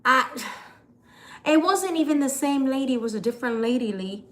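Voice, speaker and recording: A woman vlogging casually, retelling a mishap in an exasperated, animated way. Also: high-pitched, moderate pace. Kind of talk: casual vlog storytelling.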